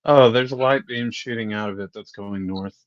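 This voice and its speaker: A man running a tabletop game as game master, narrating the scene with frequent ums and pauses. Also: on the low side, no echo. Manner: hesitant, many ums while narrating. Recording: dull, dry lo-fi mic.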